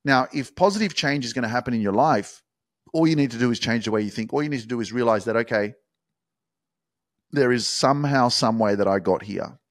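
A man hosting his own motivational podcast, talking intensely and swearing, sometimes building up to shouted hype. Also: medium pitch, a little fast, dry recording, studio quality. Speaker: podcast host. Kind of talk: motivational monologue.

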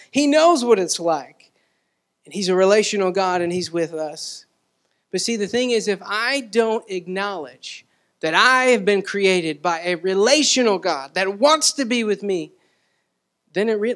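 A man's voice: sits high, fairly bright tone. A man preaching a sermon as pastor, in a conversational way, repeating words and asking the congregation questions.

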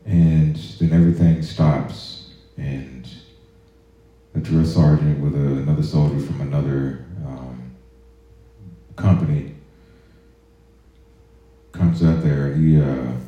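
A man's voice: a bass voice, fairly even intonation, slow pace, long pauses. A man and army veteran hosting a podcast, telling stories casually in a profane, laid-back way, in an echoey room on a muffled recording. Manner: profane, laid-back, drifts into quiet asides. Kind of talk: casual storytelling.

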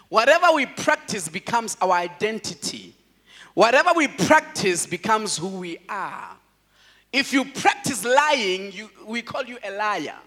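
A man, a pastor, preaching a sermon in an animated way, laughing often and calling out to his congregation. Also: high voice, in a large hall.

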